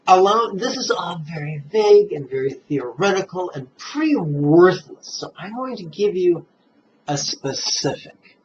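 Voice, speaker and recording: A man teaching meditation in a relaxed, playful dharma talk, chuckling at his own jokes and guiding listeners step by step through the breath. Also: high voice, a little hiss or hum. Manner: guides listeners slowly through breathing steps. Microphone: camera mic, self-filmed. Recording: dull, muffled camera audio.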